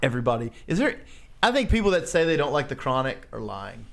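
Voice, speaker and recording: A man co-hosting a podcast, telling stories in casual chat, animated, swearing and laughing often. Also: medium pitch, fast talker, gravelly. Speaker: podcast co-host.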